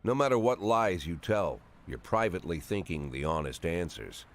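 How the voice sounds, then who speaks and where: An actor playing a cynical police chief in his sixties, narrating a game with dry, world-weary calm. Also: sits low, moderate pace, slight background noise. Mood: brooding. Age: 60s.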